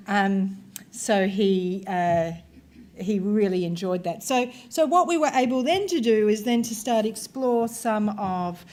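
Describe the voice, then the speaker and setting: A woman's voice: medium pitch, darkish tone. A woman researcher giving a conversational workshop presentation, talking the audience through video examples. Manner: conversational, explanatory, talks through clips.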